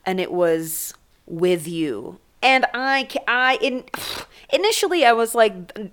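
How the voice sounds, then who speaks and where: A young adult woman hosting a podcast, rambling and swearing in a fast, casual comedic monologue. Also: lowish voice, animated, smooth. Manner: profane, rambling, fast-talking. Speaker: podcast host.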